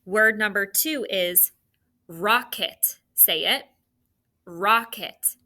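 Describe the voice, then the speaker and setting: A woman teacher dictating spelling sounds and words to students, with slow, clearly enunciated delivery. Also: mid-range voice, pushed and bright.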